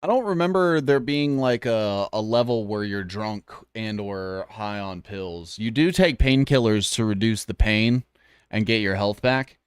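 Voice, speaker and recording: A man's voice: lowish voice, unhurried, clean tone, dry recording, clean studio sound. A man hosting a casual reaction video, talking loosely with offhand asides and swearing.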